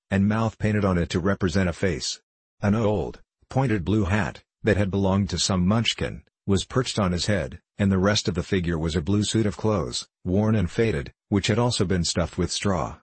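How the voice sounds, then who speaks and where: A man reading a storybook aloud in a calm, even narrating manner. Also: sits low, slightly rough, no room sound. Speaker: audiobook narrator.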